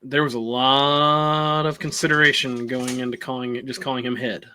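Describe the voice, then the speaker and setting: A man's voice: mid-range voice, flat delivery, normal speed, pushed and bright. A man co-hosting a casual movie podcast, chatting in an easygoing way and telling stories. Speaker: podcast co-host.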